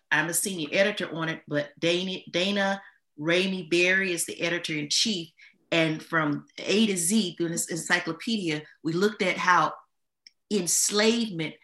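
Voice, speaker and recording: Bright-voiced woman explaining slowly. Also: on the low side, reverberant. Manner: measured, deliberate explanation. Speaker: guest historian. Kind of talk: podcast discussion.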